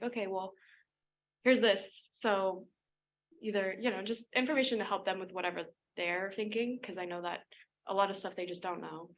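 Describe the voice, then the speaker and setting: A woman's voice: medium pitch, a little hiss or hum, low-quality recording. Chatty teen girl reporting at a meeting. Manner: chatty, many fillers and "like". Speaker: student board representative.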